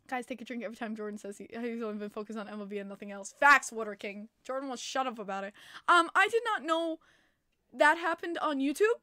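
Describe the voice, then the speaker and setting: Bright, chatty woman hosting a stream. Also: a little high, expressive, quick pace, no echo, clean studio sound. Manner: chatty, laughs a lot, many fillers. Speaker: podcast host. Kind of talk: casual livestream chat.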